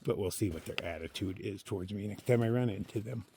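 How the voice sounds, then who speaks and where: A man talking casually to his camera while hiking a forest trail, chatty and opinionated, thinking out loud to himself. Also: lowish voice, fast talker. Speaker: solo thru-hiker filming his hike. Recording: faint outdoor noise behind the voice.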